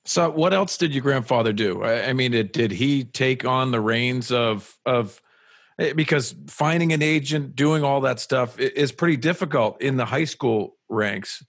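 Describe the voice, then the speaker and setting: A man hosting an interview, asking his questions in a halting way with many restarts. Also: medium pitch, no room sound. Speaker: podcast host, former player.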